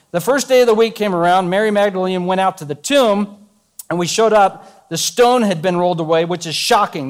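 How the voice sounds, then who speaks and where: A man with a notably high voice preaches a sermon. He keeps it conversational and joking, retelling scripture in plain everyday words the way a pastor talks to his congregation.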